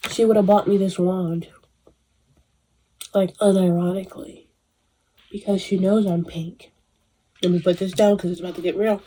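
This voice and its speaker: A woman in her twenties giving a casual, animated movie review, emotional and swearing freely. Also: medium pitch, husky. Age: 20s. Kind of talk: casual chat.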